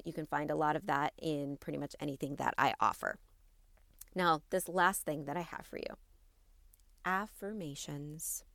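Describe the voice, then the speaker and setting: A woman in her thirties hosting a wellness podcast, talking warmly and encouragingly to her listeners, often checking in with "right?". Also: low-pitched, clean tone, no room sound, studio quality. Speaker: podcast host and wellness coach. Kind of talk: solo podcast talk.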